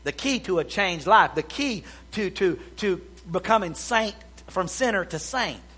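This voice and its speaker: A man delivering a fiery sermon in a high, bright voice. He rises to shouts, then drops to near-whispers while quoting scripture. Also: animated, measured pace, slightly rough. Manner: swings from shouting to hushed, quotes scripture. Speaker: preacher. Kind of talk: revival sermon.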